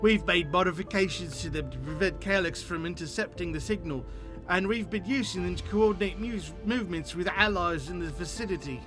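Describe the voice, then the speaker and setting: A man's voice: high-pitched, a little fast, over music, lightly acted. A man voicing an earnest game ally, reading the lines aloud in a put-on odd accent. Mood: urgent.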